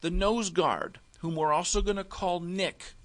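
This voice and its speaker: A man teaching football defensive alignment step by step, often pausing to check with "okay?". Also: sits high, a bit bright. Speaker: football coach. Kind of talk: instructional walkthrough.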